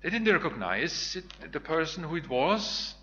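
A man's voice: on the high side, very animated, measured pace, pushed and bright, muffled recording, faint music behind. A man giving a Bible teaching sermon, retelling scripture in a reflective storytelling way with small restarts. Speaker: preacher.

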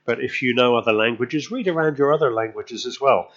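A man's voice: medium pitch, expressive, normal speed, few pauses, a bit bright, highs cut off. A male preacher telling a story in a sermon, chatting with the congregation and often asking them questions.

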